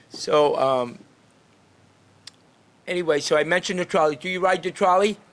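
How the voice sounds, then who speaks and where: An upbeat man with a slightly high voice chats with people passing by on a town street. He talks freely, laughing often, as a street greeter and podcast host. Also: takes it slowly, a bit bright. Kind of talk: casual chat with passersby.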